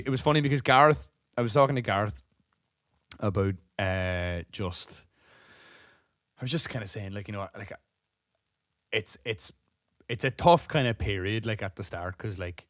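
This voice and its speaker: A man's voice: on the low side, a bit bright, no room sound, clean studio sound. A man of about thirty, a podcast co-host rambling through a funny story in casual chat, swearing and laughing as he talks. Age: 30s.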